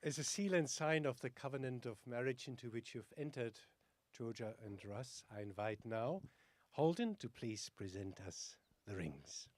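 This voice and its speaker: Male officiant with formal, measured delivery. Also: mid-range voice, expressive, a little mellow. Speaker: wedding officiant. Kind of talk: formal ceremony address.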